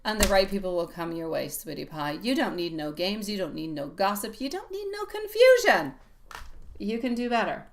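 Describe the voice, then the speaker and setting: A woman's voice: lowish voice, fairly quick, few pauses. Woman, tarot reader, live stream, affectionate, reassuring, casual chat. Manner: affectionate, calls listeners sweetie; soothing, reassuring advice.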